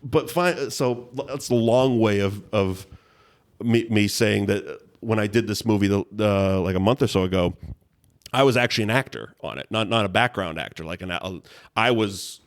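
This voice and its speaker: A man's voice: lowish voice, normal speed. A man, a guest telling long, rambling anecdotes in casual chat, full of restarts and laughs. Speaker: guest storyteller.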